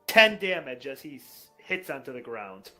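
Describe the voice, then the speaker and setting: A man narrating as game master in a tabletop game, unhurried and casually profane. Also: mid-range voice, sing-song, crowd noise.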